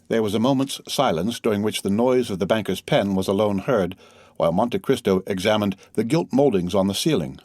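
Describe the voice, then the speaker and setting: A man narrating an audiobook in a measured, even reading style. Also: on the low side, no room sound, studio quality. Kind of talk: scripted narration.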